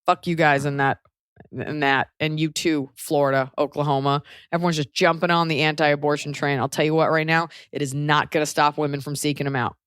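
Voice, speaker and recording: A woman hosting a podcast, giving blunt, profane, animated advice in casual chat. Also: low voice, a little fast, clean tone, dry recording, clean studio sound. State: pregnant. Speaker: podcast host.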